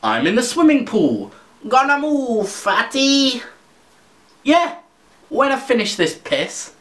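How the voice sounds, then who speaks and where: A pushy skinhead gym bully , played by a man, taunts people in blunt, mocking jabs. The voice is high and lively, and it rings around an echoey room. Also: slow, full character voice. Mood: taunting. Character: aggressive shaven-headed male gym bully.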